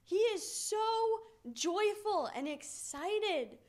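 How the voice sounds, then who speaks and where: A young woman giving a children's message, telling stories to kids in an animated, playful way. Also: very high-pitched, drawn-out words. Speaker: children's minister.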